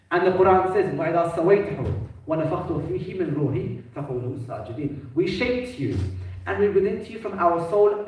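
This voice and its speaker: High-voiced man preaching in an echoey hall. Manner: emphatic, rising into declamation, quotes Arabic quickly. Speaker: preacher giving a majlis. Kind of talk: sermon. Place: mosque hall. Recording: echoey mosque hall, mic at a distance.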